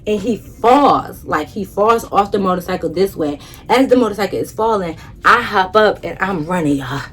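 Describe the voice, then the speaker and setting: A woman's voice: medium pitch, lively intonation, moderate pace. A young woman in AAVE telling a dramatic storytime to her viewers, acting out her own thoughts. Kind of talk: casual storytime.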